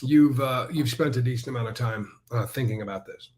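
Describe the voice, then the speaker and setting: A man's voice: mid-range voice, brisk, a little hiss or hum. A man co-hosting a casual livestream chat, telling stories emphatically and acting out what others said. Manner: animated storyteller, emphatic, mimics others. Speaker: co-host.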